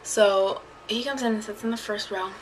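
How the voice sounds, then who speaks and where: A woman's voice: medium pitch, steady tone, moderate pace, slight background noise, rough recording. A woman vlogging casually, chatty and rambling as she tells a story, often laughing. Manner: chatty, rambling, laughs while telling stories.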